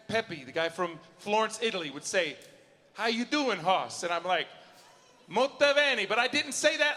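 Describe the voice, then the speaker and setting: A man doing a stand-up comedy set, acting out both sides of conversations with lively storytelling. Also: high-pitched. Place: university auditorium before a live audience. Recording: long hall reverb.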